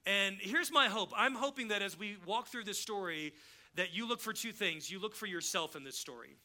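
Bright-voiced pastor preaching. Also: male voice, sits high, normal speed. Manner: conversational storytelling preacher, acts out dialogue. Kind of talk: sermon. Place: church sanctuary.

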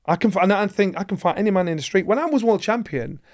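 Animated man telling a story. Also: sits high, fast. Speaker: guest, former boxing world champion.

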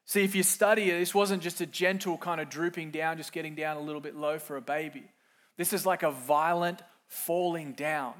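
A middle-aged man preaching a sermon, moving from quiet, reflective lines to loud, emphatic ones and acting out quoted voices. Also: on the high side, fairly even intonation, normal speed. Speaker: pastor.

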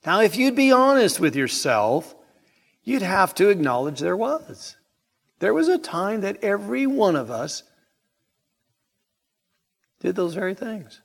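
A man delivers an evening sermon in a church sanctuary, pressing his points with rhetorical questions. His voice sits somewhat high and he speaks at a very slow, deliberate pace. A long reverb from the hall trails every phrase. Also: very animated, creaky. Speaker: preacher.

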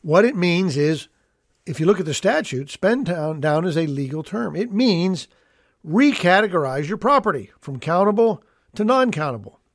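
A man's voice: sits high, sing-song, normal speed, dry recording, studio quality. A middle-aged man, an estate planning attorney hosting an educational talk show, explaining rules in an emphatic, folksy way and repeating his key points. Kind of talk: educational radio-style talk.

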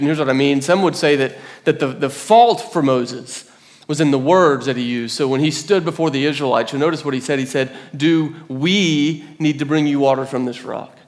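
A man in his thirties preaches from the pulpit in a slightly higher than usual voice. He tells stories and slips into the voices of the people he quotes, then goes back to explaining. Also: brisk. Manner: storytelling, acts out quoted voices. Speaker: pastor. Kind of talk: sermon. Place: church hall.

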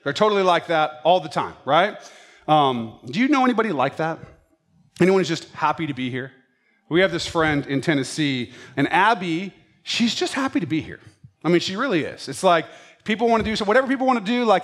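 Male pastor, slightly high voice, very lively pitch, animated storytelling sermon. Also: fairly quick. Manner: animated storytelling preacher who acts out his pets' thoughts.

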